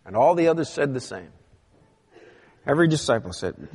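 A man's voice: medium pitch, very animated, moderate pace, darkish tone, breathy edge, long reverb tail. A man preaching a sermon, reading scripture aloud with emphatic rises and drops in his delivery. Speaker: pastor.

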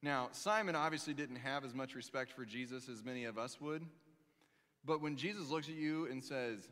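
A man in his thirties preaching a sermon, telling stories with lively, dramatic pauses. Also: mid-range voice. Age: 30s. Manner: animated storytelling, reads scripture aloud with dramatic pauses. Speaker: pastor. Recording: long reverb of a large hall.

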